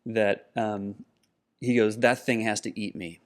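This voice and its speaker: A man's voice: on the low side, flat delivery, a little slow. A middle-aged man co-hosting a podcast, telling a personal story earnestly in casual conversation. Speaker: podcast co-host.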